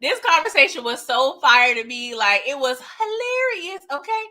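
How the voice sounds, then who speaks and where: Lively bright-voiced woman recapping TV. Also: high voice, moderate pace. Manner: animated, slangy, laughs often. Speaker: TV recap host. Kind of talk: casual episode recap.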